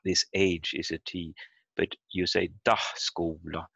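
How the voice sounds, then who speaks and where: A man teaching a language lesson over a video call, explaining slowly and haltingly and repeating example words aloud. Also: low-pitched, flat delivery, creaky, a bit bright, breathy edge, no room sound. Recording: dull lo-fi video call audio.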